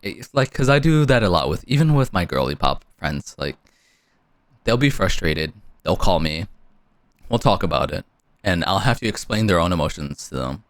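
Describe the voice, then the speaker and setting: A young man co-hosting a podcast in casual chat, animated and swearing freely. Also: sits low, moderate pace, no room sound, studio quality. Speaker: podcast co-host.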